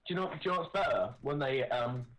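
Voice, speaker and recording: A male co-host on a live talk show. He states absurd jokes with a straight face, his voice sitting at an everyday middle pitch. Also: expressive, fast, a bit bright, poor audio. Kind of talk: casual chat.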